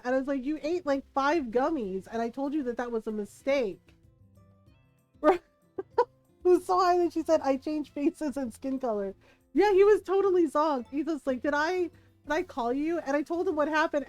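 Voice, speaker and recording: A woman's voice: high-pitched, darkish tone, dry recording. A woman livestreaming a game, casually telling a story to her chat, giggling often and acting out the voices of the people she quotes. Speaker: livestream gamer.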